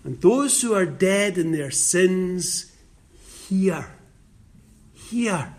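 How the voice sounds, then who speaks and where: Slow, emphatic high-voiced male preacher. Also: expressive. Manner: slow, emphatic delivery with repeated phrases; rises loud and high when voicing scripture. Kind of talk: sermon.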